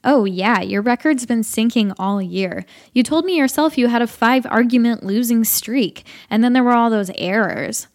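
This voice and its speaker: A woman's voice: a little high, normal speed, few pauses, voice pushed up, lightly acted. Woman reading a ranting older brother. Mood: commiserating. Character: older brother, man, world-weary and commiserating.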